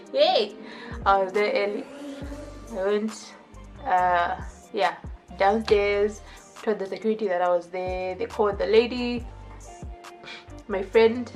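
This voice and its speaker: Chatty young woman telling a story. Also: mid-range voice. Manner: animated, chatty, filler-heavy storytelling. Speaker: vlogger. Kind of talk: casual story time.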